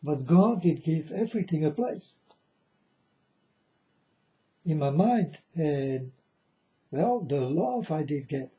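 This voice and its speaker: A man talks slowly to his viewers in a relaxed, mellow voice, circling back to the same points and asking again and again whether they follow. The sound is dull and lo-fi. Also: on the high side. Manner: slow, repetitive, keeps asking the listener "you understand?". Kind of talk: casual spiritual monologue to viewers. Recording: dull lo-fi recording.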